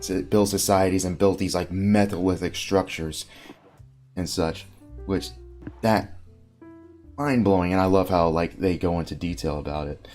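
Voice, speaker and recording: A man's voice: deep voice, moderate pace, long pauses, a little mellow, soft background music. A man hosting a casual podcast chat, rambling with lots of fillers and restarts. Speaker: podcast host.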